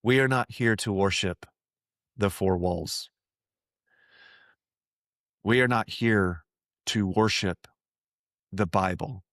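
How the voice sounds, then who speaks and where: A man with a fairly low, slightly bright voice speaks slowly with frequent pauses, hosting a podcast on faith. Earnest and conversational, he repeats himself a lot and uses voices to quote people; the studio recording is clean and echo-free.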